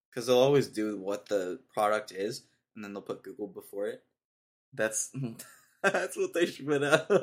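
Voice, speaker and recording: A man's voice: fairly low pitch, gravelly. A young man hosting a solo podcast, ranting in an exasperated, mocking way and laughing at his own jokes. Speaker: podcast host. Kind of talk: casual solo podcast rant.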